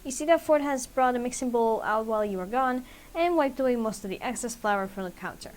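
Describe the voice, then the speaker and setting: A woman's voice: a little high, lively intonation, brisk, a little hiss or hum. Casual woman reading a dating game. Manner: casual, chatty narration with laughs and asides. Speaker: streamer.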